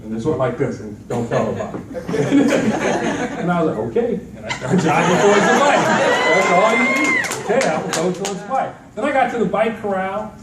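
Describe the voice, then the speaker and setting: Man, middle-aged, lively story-driven talk, high-ish voice, distant mic, noisy hall. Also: normal speed, hardly any pauses, a loud crowd. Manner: animated storytelling with acted-out quotes. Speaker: motivational speaker. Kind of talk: conference talk to an audience. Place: large event hall with an audience.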